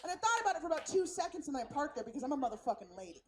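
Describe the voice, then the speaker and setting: Brash, high-voiced woman comedian on stage. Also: racing. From San Francisco. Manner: brash, profane, animated storytelling. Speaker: stand-up comedian. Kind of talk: stand-up set. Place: outdoor festival stage.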